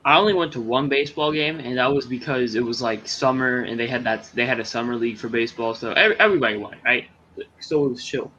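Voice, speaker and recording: A man's voice: medium pitch, fast talker, pushed and bright, muffled recording, slight background noise. A young man chatting casually with friends, easygoing and drawling. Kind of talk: casual chat.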